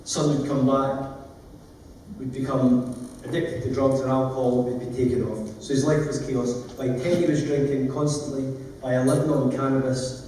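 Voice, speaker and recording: A man's voice: medium pitch, level tone, normal speed, dark tone, slight background noise. A man, a lawyer, telling stories in an earnest, emotional, plain-spoken conference talk. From Scotland. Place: large conference hall. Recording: echoey hall from far off.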